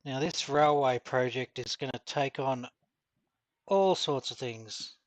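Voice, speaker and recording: A man's voice: mid-range voice, slow pace, no room sound. A middle-aged man with an Australian accent, chatting casually as he streams a game and answers viewer comments. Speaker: gaming streamer. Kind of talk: casual live-stream chat while gaming.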